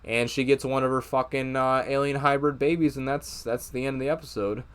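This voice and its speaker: A man's voice: medium pitch, fairly even intonation, brisk, clean tone. A young man giving a casual, profane, exasperated review of a TV episode, with many fillers and restarts. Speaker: TV show reviewer.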